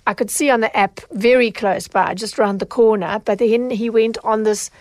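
A woman's voice: fairly high pitch, moderate pace, dry recording. A middle-aged woman hosts her own podcast, talking straight to the listener in a conversational, storytelling way. Her voice is recorded close and dry, with no room sound behind it, and she livens up when she acts out what people said. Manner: animated when retelling, acts out quoted lines. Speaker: podcast host, consumer advocate.

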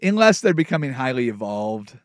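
A man hosting a sports radio show, giving relaxed analysis and bantering with his co-host. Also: mid-range voice, brisk, no room sound. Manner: conversational, loud bursts of excitement.

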